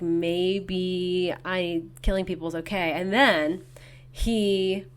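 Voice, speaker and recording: A woman co-hosting a book podcast in casual chat, quickly quoting characters' lines as she talks. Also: medium pitch, a bit bright. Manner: chatty, acts out characters' lines in quotes. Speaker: podcast co-host.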